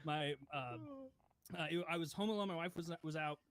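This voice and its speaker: A man's voice: a little high, normal speed, fairly bright tone, a little hiss or hum. A man in his thirties chatting casually, joking and laughing often as he talks. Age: 30s. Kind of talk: casual banter while gaming.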